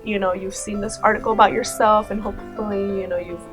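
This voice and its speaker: A woman's voice: mid-range voice, fairly even intonation, fast, over music. A woman in her thirties giving casual, sarcastic commentary, laughing often and saying "like" and "you know" a lot. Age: 30s. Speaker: commentary YouTuber.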